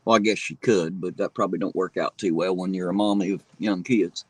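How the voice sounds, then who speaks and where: A man's voice: low-pitched, steady tone, brisk, slightly rough, no room sound. Folksy Appalachian-drawl man in a parked car. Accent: southern Ohio Appalachian drawl. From southern Ohio. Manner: folksy, profane, laid-back. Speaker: livestream host. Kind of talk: casual chat reading viewer comments.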